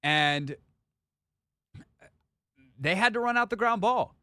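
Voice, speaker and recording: A man's voice: sits high, lively intonation, slow, pushed and bright, clear, resonant tone, dry recording. Male sports talk host, dry studio sound, loose and jokey. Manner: loose, rambling, joking. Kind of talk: casual talk radio banter. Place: radio studio.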